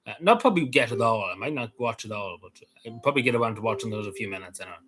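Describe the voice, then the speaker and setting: A man's voice: on the low side, expressive, very fast, fairly bright tone, poor audio. A man with a Cavan Irish accent hosting a livestream, chatting casually, rambling and repeating himself as he answers viewers' messages. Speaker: livestream host.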